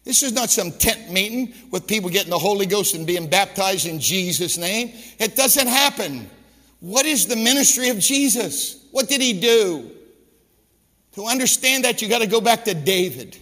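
Emphatic high-voiced preacher man. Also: animated, normal speed, in a large hall. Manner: emphatic preaching, drops into hushed storytelling. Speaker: pastor. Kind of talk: sermon.

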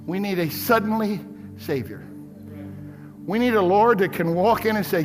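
A man preaching a sermon as pastor, swinging from shouted climaxes to hushed drops. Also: sits high, animated, moderate pace. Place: church sanctuary. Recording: echoey hall with music and congregation.

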